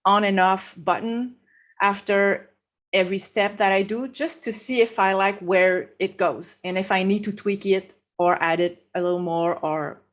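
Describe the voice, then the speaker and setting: In a live demo, a French-accented woman who is a guest photographer slowly explains a photo edit one step at a time. She speaks at medium pitch in a steady tone and laughs readily.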